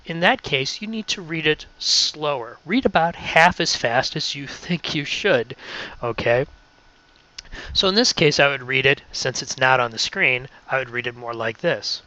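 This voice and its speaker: A man's voice: medium pitch, animated, a little slow, bright, forceful tone. A man training radio volunteers in an instructional presentation, encouraging and often checking in with "okay?". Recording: dull lo-fi recording.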